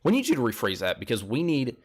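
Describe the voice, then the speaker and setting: A young man chatting casually as he recaps a TV episode, retelling events animatedly and jumping up in pitch when quoting people. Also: wildly swooping pitch, fast talker, slightly rough. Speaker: show recap host.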